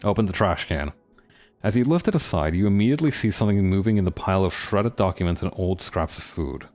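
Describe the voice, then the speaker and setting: Low-voiced man playing a video game. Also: lively intonation, fast, darkish tone, faint music behind. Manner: musing, thinks aloud with restarts. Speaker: game streamer. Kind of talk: let's play commentary and reading game text aloud.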